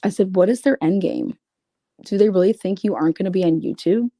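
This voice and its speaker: A woman's voice: medium pitch, fairly quick, dark tone, dry recording, clean studio sound. A woman reading out private messages and commenting on them in a blunt, profane, sarcastic way. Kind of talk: casual commentary reading screenshots.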